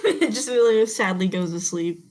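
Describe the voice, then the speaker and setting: A woman's voice: mid-range voice, expressive, normal speed, a little mellow, rough recording. Giggly woman narrating as game master. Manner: casual, laughs often, chatty with fillers.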